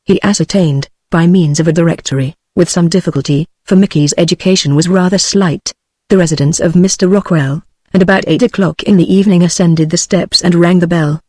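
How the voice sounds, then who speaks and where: A text-to-speech voice reading a classic novel aloud in an even, unvaried way, with no change for the characters. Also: medium pitch, brisk, no echo. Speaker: audiobook narrator. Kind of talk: scripted narration.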